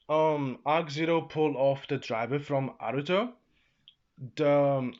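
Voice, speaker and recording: Rambling young man recapping an episode. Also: mid-range voice. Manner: rambling, filler-heavy, laughing often. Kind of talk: casual unscripted recap. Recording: slightly dull lo-fi sound.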